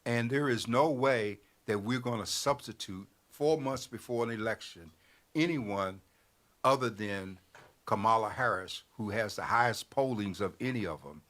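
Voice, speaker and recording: A man, a newspaper editor, explaining a political process in a measured way on a talk show. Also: on the low side, a bit bright.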